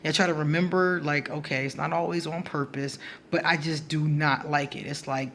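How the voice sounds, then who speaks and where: A woman talking straight to camera in a casual astrology vlog, blunt and animated, breaking into laughter between her points. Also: deep voice, moderate pace. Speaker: astrology vlogger.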